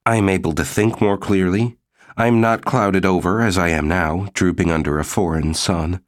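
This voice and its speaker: A man voicing a weary, despairing woman in an audiobook, speaking in a quiet, heavy, brooding way. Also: deep voice, moderate pace, dry recording, clean studio sound, close to an everyday voice.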